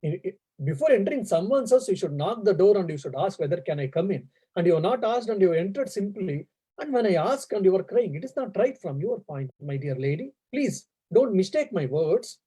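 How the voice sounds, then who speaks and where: A man's voice: high voice, animated, fairly quick, warm tone, breathy edge, poor audio. A man playing an earnest old scholar. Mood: puzzled, stern. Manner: polite, apologetic, formal. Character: old male scholar, absent-minded, earnest.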